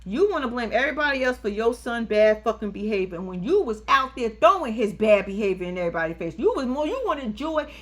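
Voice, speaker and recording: A woman's voice: on the high side, fast talker, hardly any pauses. A woman giving casual, profane, sassy commentary recapping a reality TV episode, acting out the people in it. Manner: sassy, profane, animated storytelling.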